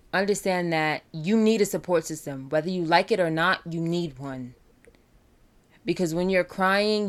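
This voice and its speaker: A young woman, a college student, talking candidly and earnestly about mental health and self-love. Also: low-pitched. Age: young adult. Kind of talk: personal talk on mental health.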